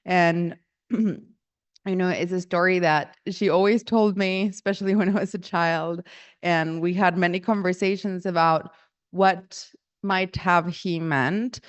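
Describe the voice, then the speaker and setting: A woman's voice: lowish voice, steady tone, measured pace, clean tone, no room sound. A young woman from Guatemala, telling a family story in a casual, rambling way and often correcting herself mid-sentence. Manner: rambling, self-correcting, acts out quoted voices. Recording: dull lo-fi audio.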